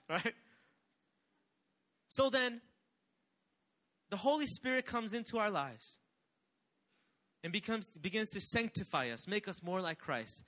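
A man's voice: sits high, fairly bright tone. A young man preaching a sermon with energy, calling on the congregation to respond. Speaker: pastor.

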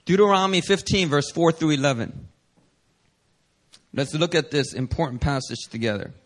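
A man preaching a sermon as pastor, reading scripture aloud and then putting rhetorical questions to his congregation. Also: fairly high pitch. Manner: slows for emphasis on key verses.

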